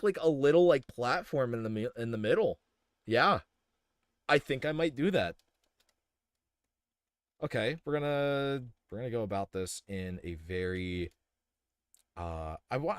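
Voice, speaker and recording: A man's voice: medium pitch, dry recording, clean studio sound. A young man casually thinking aloud as he streams a building game, rambling with many fillers and restarts. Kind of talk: casual live-stream commentary while building.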